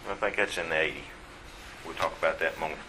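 A man's voice: a bass voice, steady tone, very fast, heavy background noise. A man teaching a Bible class in a folksy, rambling way.

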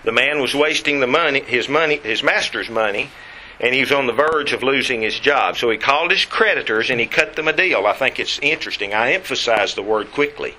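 A man preaching a sermon, reading scripture aloud and stressing key words deliberately. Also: mid-range voice, animated, pushed and bright, slight background noise, low-quality recording.

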